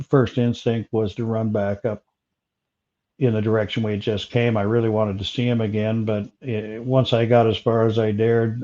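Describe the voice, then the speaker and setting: Guy telling his story slow and halting, lots of uhs, kinda muffled sound. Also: medium pitch, mellow. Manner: halting, many fillers and restarts. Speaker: interview guest. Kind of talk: recounting a personal encounter.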